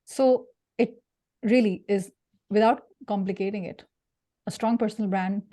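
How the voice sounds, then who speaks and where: A woman's voice: medium pitch, a little slow. Punchy woman leading a career workshop. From India. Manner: lively, punchy, jokey, quizzes the audience. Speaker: career speaker. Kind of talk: interactive workshop talk.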